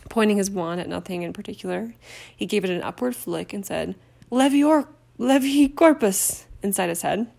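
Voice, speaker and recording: Woman audiobook narrator, steady read, gravelly voice, trips on words sometimes. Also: on the low side, brisk. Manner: steady narration with occasional stumbles. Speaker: audiobook reader. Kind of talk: amateur audiobook reading.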